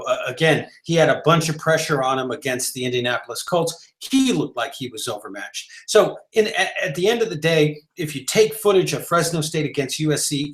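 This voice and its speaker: A man's voice: a little high, fairly bright tone. Guy ranting about football on a live show, keeps restarting sentences, fired up and emphatic. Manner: emphatic, rambling with many restarts and fillers. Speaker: podcast co-host. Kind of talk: casual sports talk.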